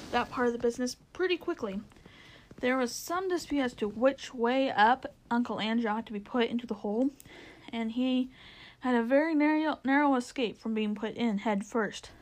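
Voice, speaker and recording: Woman narrating a storybook, slightly high. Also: rough recording. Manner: lively, expressive storytelling. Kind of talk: storybook reading aloud.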